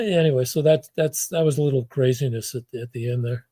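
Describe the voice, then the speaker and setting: An older man who used to work in a football front office talks quickly in a warm, medium-pitched voice with no echo. Guesting on an interview, he tells meandering stories, restarting frequently and performing the quotes.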